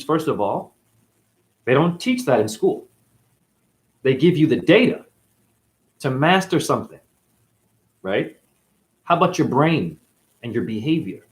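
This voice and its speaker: Rambling spiritual guy from new england, swears a lot, voice all over the place, mutters then gets loud. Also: fairly high pitch. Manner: rambling, profane, swinging between muttering and loud outbursts. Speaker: spiritual teacher, former dancer.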